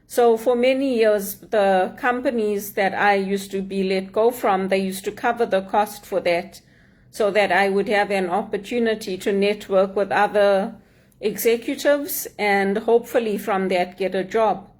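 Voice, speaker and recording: A middle-aged woman from Zimbabwe with a Zimbabwean accent, giving an earnest, measured motivational talk as a speaker and mentor. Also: mid-range voice, fairly even intonation, a little mellow.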